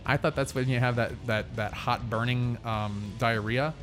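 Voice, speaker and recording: A man's voice: mid-range voice, fairly even intonation, normal speed, fairly bright tone, faint music behind. A man hosting a podcast in casual chat, rambling and teasing with many fillers and restarts. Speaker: podcast host.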